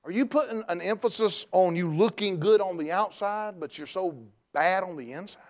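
A man's voice: sits high, moderate pace. A man in his thirties with a Southern US accent, preaching a Sunday evening sermon in a folksy, joking, plain-spoken way. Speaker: pastor.

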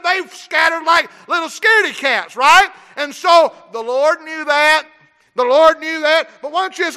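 Shouting, high-pitched preacher man. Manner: preaching with frequent shouting and rhetorical questions. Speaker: pastor. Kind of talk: sermon. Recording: long hall reverb.

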